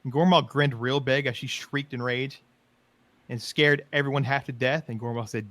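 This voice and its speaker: A man's voice: mid-range voice, moderate pace, no room sound. Man telling game stories, dry mic. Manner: animated, laughing, acts out quotes. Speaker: podcast host. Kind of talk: casual storytelling chat.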